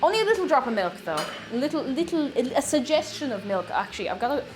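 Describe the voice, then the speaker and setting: A woman talks casually to her chat from her home kitchen as she bakes. Her voice sits fairly high and swings widely in pitch. Faint music plays behind her. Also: quick pace. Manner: chatty, reads chat aloud, bursts of excited whoops. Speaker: streamer baking live. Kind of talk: casual live-stream chat.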